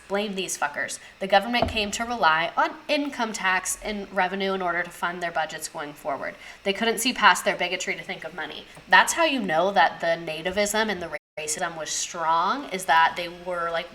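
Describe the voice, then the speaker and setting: A woman's voice: medium pitch, sharp tone. A young woman teacher giving a casual history lesson, chatty and sarcastic, swearing and drifting into tangents.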